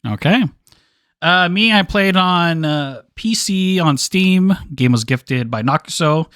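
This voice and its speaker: Male host, fairly high voice, dry close sound, jokey, laughs a lot. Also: lively intonation, slow pace, fairly bright tone, smooth, no room sound. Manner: laughs often, joking, restarts words. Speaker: podcast host. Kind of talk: casual group discussion.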